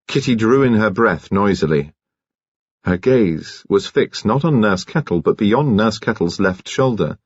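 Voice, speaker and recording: Brief: low, husky male audiobook reader, dry close sound, dull lo-fi audio. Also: no room sound. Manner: measured, even storytelling. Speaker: audiobook narrator. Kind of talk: scripted audiobook narration.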